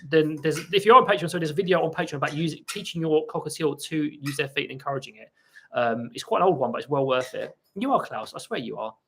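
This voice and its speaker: A man's voice: on the high side, pushed and bright, slight background noise. Man chatting with squawking parrots around. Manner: chatty, breaks off to coo and talk to his parrots. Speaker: parrot channel host. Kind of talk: casual live-stream chat, answering viewer questions. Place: home room with pet parrots. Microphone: laptop for live stream. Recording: parrot squawks and clicks in background.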